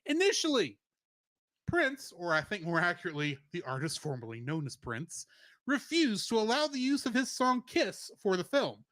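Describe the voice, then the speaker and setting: Man, fairly high voice, very animated delivery, dry close sound, podcast co-host reading trivia. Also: normal speed, no echo. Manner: lively, animated reading with playful asides. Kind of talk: reading a plot summary and trivia.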